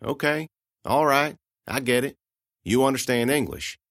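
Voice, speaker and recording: A man's voice: mid-range voice, measured pace, a bit bright, dry recording, clean studio sound, pitched above the performer's own voice. A man voicing a plainspoken, stubborn but kind young farm woman who talks in a folksy, reassuring way. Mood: patient.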